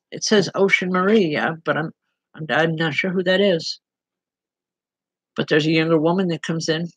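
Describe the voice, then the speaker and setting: A woman's voice: low-pitched, husky, dry recording, poor audio. A woman working as a medium, giving spirit readings online and speaking directly to people by name in an earnest, plain-spoken way.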